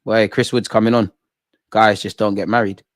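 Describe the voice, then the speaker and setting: A man's voice: lowish voice, level tone, moderate pace, no room sound, clean studio sound. A young man doing live, jokey, slang-filled football watch-along banter with his chat. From England.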